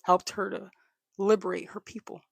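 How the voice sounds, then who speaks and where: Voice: medium pitch, flat delivery, moderate pace, creaky, breathy edge, dry recording. A livestream host telling a history story in a casual way, often stopping to repeat or restart words and to thank viewers.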